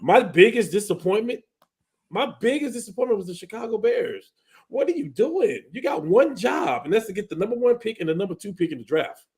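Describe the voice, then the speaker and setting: A man's voice: high voice, very animated, brisk, a little mellow, breathy edge. A man on a casual sports talk panel, giving fired-up, exasperated takes on football teams.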